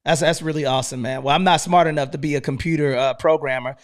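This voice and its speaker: A man's voice: a little high, steady tone, quick pace. A man hosting a live real estate stream, talking casually and energetically with lots of slang and repeated "man". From United States. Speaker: host.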